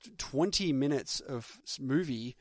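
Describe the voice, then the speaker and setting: An Australian man in his twenties or thirties chatting about movies with a friend. He is outspoken and critical, pushing his point again and again, at a medium pitch. His voice sounds close and dry, with no room echo. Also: animated, unhurried, a little mellow. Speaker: podcast co-host. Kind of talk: casual film discussion.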